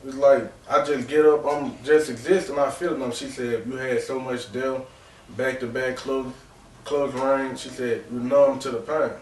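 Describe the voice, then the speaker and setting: A man's voice: medium pitch, little pitch movement, normal speed, a little mellow, slight background noise. A man in his twenties, a podcast host, telling a raw, rambling and emotional personal story with lots of "real talk" and "bro". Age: 20s. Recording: echoey room, distant mic.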